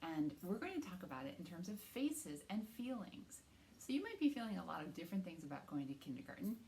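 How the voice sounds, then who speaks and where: A woman, a children's librarian, leads a storytime from her home, talking to young children in an animated, encouraging way. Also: fairly low pitch, fast, slight background noise.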